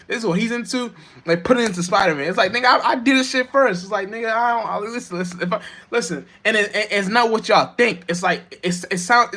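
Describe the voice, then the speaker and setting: A man, talking in a rambling, halting spiritual monologue full of restarts and slang, with sudden emphatic bursts. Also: on the high side, pushed and bright. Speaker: vlogger.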